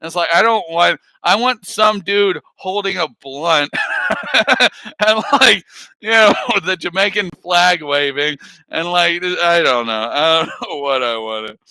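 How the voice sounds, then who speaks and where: A man's voice: high voice, takes it slowly, sharp tone, dry recording, poor audio. A man on a live stream chatting casually, rambling, swearing a lot and laughing often.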